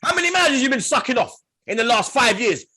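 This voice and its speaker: Young guy trash talking football rivals, high husky voice, loud, keeps laughing. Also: big pitch swings, quick pace. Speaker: football podcast host. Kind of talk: heated banter.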